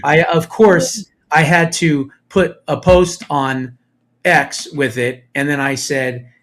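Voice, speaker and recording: A man's voice: fairly high pitch, steady tone, slow, fairly bright tone. A man from New Jersey hosting a talk radio show, rambling with sarcastic, mocking jokes. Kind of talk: casual political talk radio banter.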